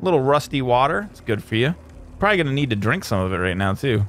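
A man's voice: mid-range voice, big pitch swings, quick pace, a little hiss or hum. A man commentating his own gameplay, chatting casually and taunting enemies in playful bursts. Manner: playful trash talk to enemies, bursts of shouting in fights. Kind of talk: let's play commentary.

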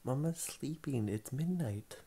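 Soft-spoken father coaxing at bedtime. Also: medium pitch, expressive, a little slow, slight background noise. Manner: gentle, patient, softly coaxing. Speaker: father putting child to bed. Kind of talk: casual bedtime chat.

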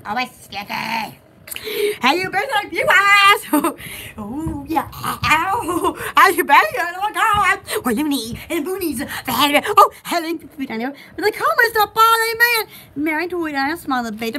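Woman, very high voice, bright and lively, unhurried, giggly livestream chat host. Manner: giggly and playful. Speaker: live sale host.

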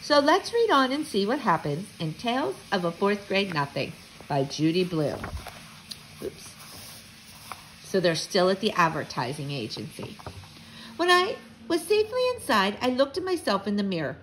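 Lively teacher reading a storybook aloud. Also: female voice, medium pitch, moderate pace, poor audio. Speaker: fourth-grade teacher. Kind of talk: reading a children's book aloud. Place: at home, living room.

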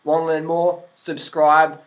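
A man's voice: on the high side, monotone, a little slow. A man vlogging a blunt, profane opinion rant to the camera, laughing at his own points.

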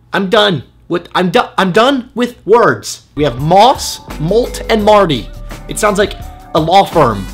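A man's voice: sits high, expressive, unhurried, a bit bright, soft background music. A man vlogging and reading comments aloud in a sarcastic, exasperated way. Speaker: YouTube vlogger.

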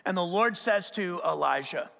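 A man preaching a sermon as pastor, talking conversationally, repeating and restarting words, and growing animated and loud in stories. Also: sits high, normal speed, creaky. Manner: grows animated and loud when telling stories. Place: church auditorium. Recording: long hall reverb from the church auditorium.

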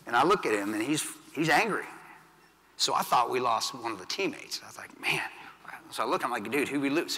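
A blunt middle-aged man telling a war story from a stage, his voice bright and forceful. His delivery swings from loud to hushed, with long reverb trailing through a big event hall. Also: medium pitch. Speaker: keynote speaker, veteran. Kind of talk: storytelling speech to an audience.

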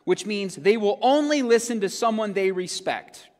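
A man preaching a sermon as pastor, swinging between loud, emphatic points and quiet, low asides. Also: animated, moderate pace, in a large hall. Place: church sanctuary.

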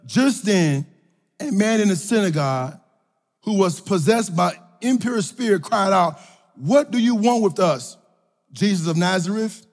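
A man preaching a sermon, repeating declarations with emphasis and swinging between loud bursts and quiet asides. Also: high voice, long reverb tail. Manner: emphatic, repetitive declarations with call-and-response energy. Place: large room with audience.

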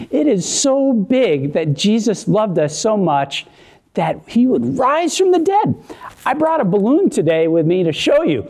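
A man giving a children's message in church, animated and encouraging as he speaks to the kids. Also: high-pitched, measured pace. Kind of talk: children's sermon.

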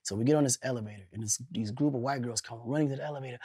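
A man in his forties, an interview guest telling animated stories, laughing and swearing casually. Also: medium pitch, racing, hardly any pauses, slightly rough.

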